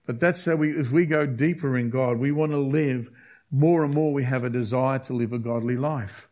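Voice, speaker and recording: A man's voice: mid-range voice, moderate pace, mellow. A man preaching a sermon, earnest and emphatic, often restarting his phrases. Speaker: pastor.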